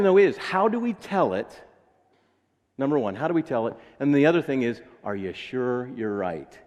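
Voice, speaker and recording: A man's voice: a little high, a little mellow, long reverb tail. A man with an American accent preaching a sermon in a casual, joking way, acting out little voices. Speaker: pastor. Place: church sanctuary.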